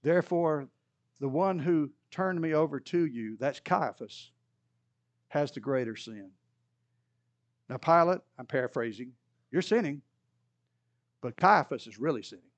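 A man's voice: animated, moderate pace. A man teaching a Bible study lesson in a conversational way, now and then acting out the voices in the story. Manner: conversational, acts out quoted voices with rising pitch.

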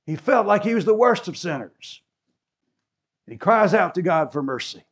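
A man preaching from the pulpit. His voice sits a bit high for a man. He builds with fervor, acting out the people in the scripture as he explains it. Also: sing-song, normal speed. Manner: preaching with rising fervor, acting out the quoted speakers. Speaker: pastor. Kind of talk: sermon.

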